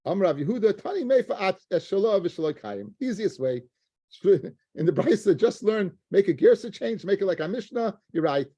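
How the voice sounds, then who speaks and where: A man's voice: high voice, sing-song, moderate pace, warm tone, slightly rough, dry recording. A man teaching a Talmud class, reading Aramaic phrases aloud, translating them, and often repeating himself as he works through a passage.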